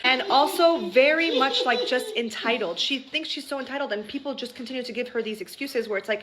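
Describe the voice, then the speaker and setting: A woman's voice: high-pitched, a little fast, hardly any pauses, a bit bright, a little hiss or hum, rough recording. A woman vlogger telling a story in a heated, indignant rant, full of "like" fillers.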